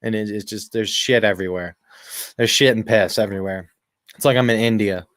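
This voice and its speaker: A man doing casual live commentary on a football game with profanity, rambling asides and frequent throat clearing. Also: fairly low pitch, fairly even intonation, brisk, fairly bright tone, dry recording, studio quality. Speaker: live stream sports commentator.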